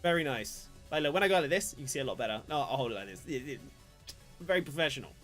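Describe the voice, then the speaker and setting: A man's voice: mid-range voice, expressive, fast talker, fairly bright tone. A young man chatting casually to his live-stream viewers, rambling and self-deprecating as he opens trading cards. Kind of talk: casual live-stream card opening commentary. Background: faint background music.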